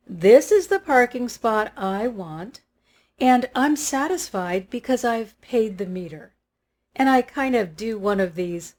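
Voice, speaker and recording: A woman telling a personal story in a lively way, acting out what she and others said. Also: on the high side. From Los Angeles area. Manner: animated, acts out her own quotes. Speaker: spiritual teacher.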